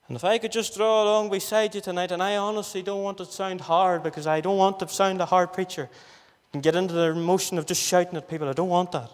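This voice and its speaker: Earnest preacher, high voice. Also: male voice, fairly quick. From Northern Ireland. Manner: repeats questions insistently, earnest pleading. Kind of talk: gospel sermon. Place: church hall. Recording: reverberant church hall.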